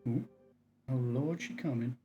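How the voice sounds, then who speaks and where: A man streaming a video game, casually commenting and reading in-game text messages aloud in a low, subdued voice. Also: a little slow, mellow, dull audio, soft background music. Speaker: livestreamer. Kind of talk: casual let's-play commentary.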